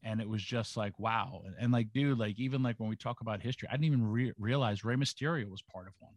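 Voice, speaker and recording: Low-voiced man rambling in casual chat. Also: fast talker, no room sound. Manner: rambling, heavy with fillers like "like". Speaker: podcast co-host, wrestler.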